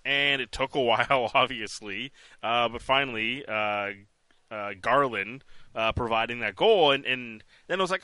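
A man hosting a post-game hockey talk show, animated and full of restarts. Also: mid-range voice, moderate pace, clean tone, dry recording. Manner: animated, restarts often, laughs while talking. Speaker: sports podcast host.

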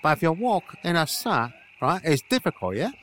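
A man voicing a bossy, gruff trainer who swears constantly, in an improvised comedy podcast. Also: a little high, very animated, normal speed, fairly bright tone. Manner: peppers every sentence with swearing, bossy.

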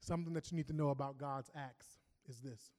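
A man preaching a sermon, emphatic, swinging from loud declarations to hushed asides. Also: medium pitch, fairly even intonation, fairly quick. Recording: long reverb of a large hall.

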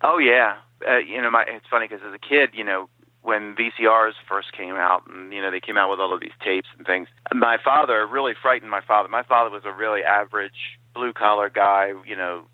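A man guesting on an interview, telling stories in a lively way and dropping into quoted impressions. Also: on the low side, a little fast, no room sound. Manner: animated storyteller who slips into quoted impressions. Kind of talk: casual interview over the phone. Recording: dry, tinny phone-line sound.

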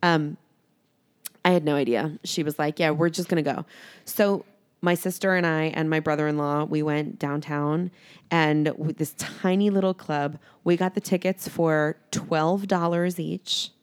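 A woman's voice: deep voice, measured pace, clean tone. Gossipy, foul-mouthed podcast woman. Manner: gossipy, profane, animated storytelling. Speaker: podcast co-host. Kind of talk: casual chat.

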